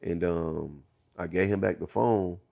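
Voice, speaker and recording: Man, thirties, halting candid storytelling, slangy, gravelly rasp. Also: low-pitched, warm tone. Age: 30s. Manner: halting, restarts often, slangy and profane. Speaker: interview guest.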